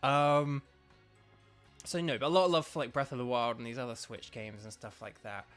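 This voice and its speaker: A man's voice: mid-range voice, steady tone, moderate pace, a bit bright, faint music behind. A man streaming a video game, chatting casually with viewers in a rambling, enthusiastic way full of fillers. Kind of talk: casual live-stream chat.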